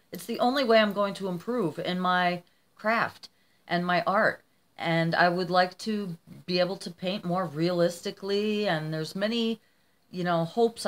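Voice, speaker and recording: A woman vlogging casually to camera at home, effusive and rambling, with tearful warmth and frequent restarts. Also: lowish voice.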